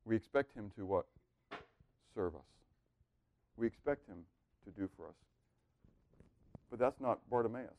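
A man teaching a Bible class, asking questions and waiting for answers, swinging from loud emphasis to near-murmured asides. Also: mid-range voice, normal speed, pauses often, dull audio.

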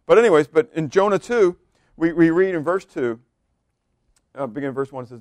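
A man's voice: a little high, lively intonation, moderate pace, pauses often, a little mellow, no room sound. A man preaching a sermon in a loose, conversational way, asking the congregation questions and laughing now and then. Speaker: pastor.

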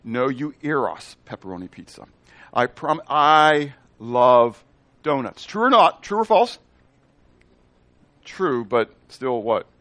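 A man's voice: mid-range voice, big pitch swings, takes it slowly, a bit bright, dry recording. A male pastor preaching a sermon, often asking the congregation questions and answering them himself, with playful asides in made-up words.

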